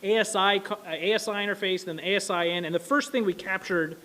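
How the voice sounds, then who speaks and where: A man telling a casual, animated story to an audience, full of fillers and asides. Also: sits high, very noisy. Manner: quick, animated, many fillers. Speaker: speaker at an anniversary event.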